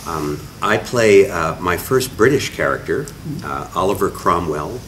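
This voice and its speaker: A man with a very deep voice speaks in a wry, self-mocking, chatty way in a casual press interview. Loud background noise from a busy convention hall sits behind him. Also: expressive, a little slow, distant mic. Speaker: actor interviewed at a press junket.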